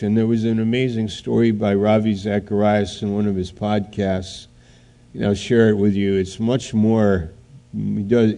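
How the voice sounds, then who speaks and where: A man preaching a sermon, telling a story in a halting way and then building to loud, emphatic outbursts. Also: lowish voice, gravelly.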